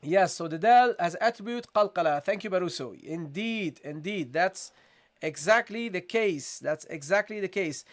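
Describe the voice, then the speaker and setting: With a high, animated voice, a man teaches recitation live online, patiently asking viewers the same questions again and slowly demonstrating each sound.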